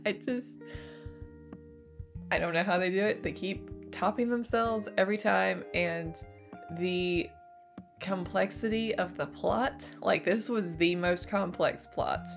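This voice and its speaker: A young adult woman with a cold, hoarse and a bit stuffy, talking in a casual and enthusiastic way as she reviews a movie she just watched. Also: medium pitch, a little slow, music in the background. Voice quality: scratchy. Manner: enthusiastic, gushing, laughs often. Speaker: movie reaction host.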